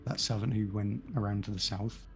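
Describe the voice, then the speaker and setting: A man's voice: fairly low pitch, level tone, fairly quick, gravelly, soft background music. A man playing in a tabletop game, describing his character's moves hesitantly with fillers. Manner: hesitant, laughs often. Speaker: player. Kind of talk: casual tabletop play.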